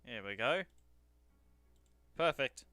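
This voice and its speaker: Chatty man streaming, bright voice. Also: mid-range voice, animated, takes it slowly, clean tone, no room sound. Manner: chatty, self-deprecating, talks to himself while working. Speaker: streamer doing 3D modeling commissions. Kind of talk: casual livestream commentary.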